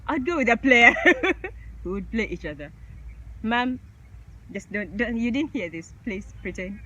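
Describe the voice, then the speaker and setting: Giggly woman vlogger with lively pitch. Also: unhurried, muffled recording. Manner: giggly, laughs often. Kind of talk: casual game chat.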